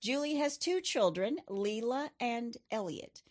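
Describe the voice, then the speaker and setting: A woman's voice: on the high side, expressive, a little slow. A middle-aged woman hosting a true crime podcast, telling the case in a chatty way with personal asides. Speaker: podcast host. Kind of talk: true crime storytelling chat.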